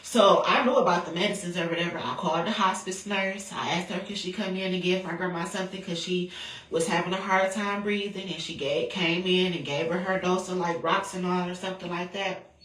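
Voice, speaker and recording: A woman's voice: on the low side, fairly even intonation, fairly quick, a bit bright. A woman, telling a personal story in a candid, profane, rambling way. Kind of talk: casual storytelling. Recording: roomy, distant from the mic.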